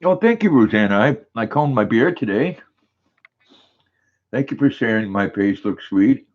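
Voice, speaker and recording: A man's voice: mid-range voice, expressive, moderate pace, dull audio. An older man hosting a casual livestream, reading viewers' comments aloud and greeting each of them by name in an easygoing way. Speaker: livestream host.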